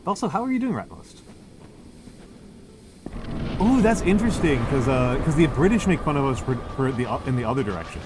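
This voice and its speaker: A little fast but pausing often, an American man with a mid-range voice and big pitch swings chats casually on a stream, rambling, self-deprecating, and restarting a lot. The background is noisy, with music playing.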